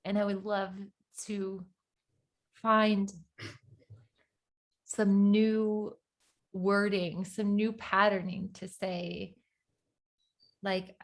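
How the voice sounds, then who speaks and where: A woman being interviewed as a guest, speaking reflectively and often pausing to search for the right words. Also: medium pitch, little pitch movement. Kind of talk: conversational interview.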